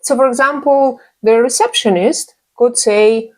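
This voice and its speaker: A woman teaching a beginner English lesson, speaking slowly and repeating each phrase carefully. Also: on the high side, animated, a little mellow.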